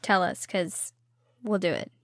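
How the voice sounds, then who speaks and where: A woman's voice: lowish voice, unhurried, creaky, no room sound. A woman co-hosting a podcast in casual, jokey chat. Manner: laid-back, jokey, says "like" often. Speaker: podcast co-host.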